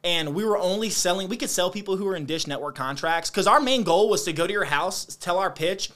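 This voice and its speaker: A young American man casually telling stories in an animated, slangy way, with lots of fillers. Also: high voice, a little fast. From United States. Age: young adult. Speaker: guest. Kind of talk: casual storytelling chat.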